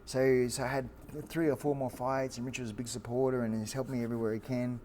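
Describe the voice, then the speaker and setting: An Australian man in his forties tells a long story as an interview guest, animated and full of fillers and restarts. His voice sits at an ordinary pitch for a man, with a faint hiss of background noise. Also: fast. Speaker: guest, fighter.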